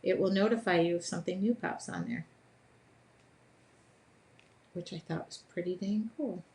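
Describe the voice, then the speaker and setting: A woman's voice: lowish voice, normal speed, vocal fry, darkish tone. Chatty woman teaching a live drawing session. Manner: chatty, upbeat, self-deprecating, thinks aloud while drawing. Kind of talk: casual live demonstration. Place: home art studio.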